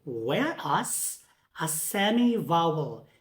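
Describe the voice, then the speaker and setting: A woman's voice: low-pitched, very animated, very slow. A woman giving a lecture on English pronunciation, carefully repeating example words aloud. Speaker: teacher. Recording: echoey room.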